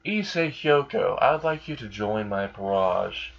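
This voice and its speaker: Guy doing a formal polite young noble lady, lowish voice, muffled lo-fi mic. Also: animated, unhurried, gravelly, full character voice. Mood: inviting.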